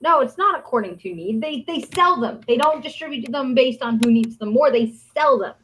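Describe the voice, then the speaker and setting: A woman's voice: high voice, lively intonation, a little fast, a bit bright, slight background noise, low-quality recording. A woman hosting a casual livestream, reading news aloud and reacting bluntly with swearing. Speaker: host.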